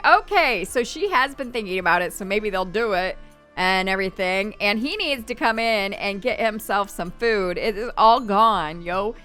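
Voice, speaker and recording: Bright, chatty woman gaming host. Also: fairly high pitch, expressive. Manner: chatty, voices her Sims' thoughts in quick asides. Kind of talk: casual gameplay commentary. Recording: faint background game music.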